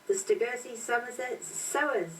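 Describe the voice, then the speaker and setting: A woman's voice: fairly high pitch, moderate pace. An older woman, a grandmother, chatting eagerly about her knitting in a casual family conversation. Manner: chatty, warmly enthusiastic about her craft. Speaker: grandmother and knitter being interviewed. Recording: distant mic with faint noise.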